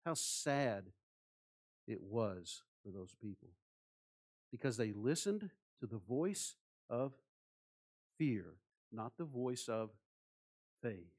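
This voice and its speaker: A man preaching a sermon with passion, asking rhetorical questions and swinging between soft, hushed phrases and loud ones. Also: on the low side, big pitch swings, slow, pauses often. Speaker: pastor.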